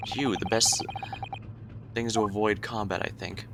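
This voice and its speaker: A man's voice: on the low side, steady tone, unhurried, background noise. A male streamer reading game dialogue aloud in a chatty way, sometimes tripping over his words.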